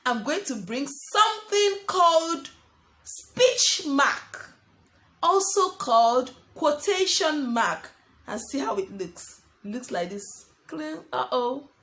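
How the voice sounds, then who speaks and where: A young woman teaching a lesson to small children, speaking slowly and repeating words while she writes on a board. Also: high voice, lively intonation, bright, forceful tone. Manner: slow, sing-song teacher talk addressing children as friends; talks while writing on a board. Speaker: primary school teacher.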